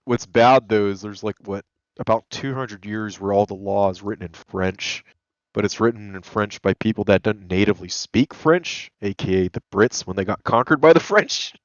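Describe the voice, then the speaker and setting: A lawyer appears as a guest in casual chat, his voice on the low side at a moderate pace with no echo. He tells rambling stories, swears freely and laughs often. The recording is a dull, lo-fi, dry voice line.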